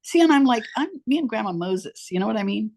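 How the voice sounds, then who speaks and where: A woman in her eighties, a podcast guest, telling stories in a relaxed, animated way and acting out the voices of the people she quotes. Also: on the high side, quick pace, a little hiss or hum. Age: 80s. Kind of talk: casual storytelling interview. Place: home.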